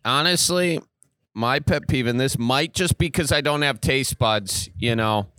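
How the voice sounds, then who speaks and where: A man's voice: mid-range voice, a little slow, fairly bright tone, dry recording. A young man in his twenties from Wisconsin, bantering casually as a podcast co-host. He rambles, throws in sarcasm and often leaves sentences unfinished, recorded dry and close to the mic. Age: 20s.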